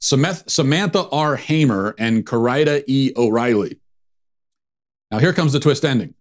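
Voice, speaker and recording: A man's voice: mid-range voice, lively intonation, normal speed. A man hosting a political commentary show, sarcastic and dismissive in a conversational way.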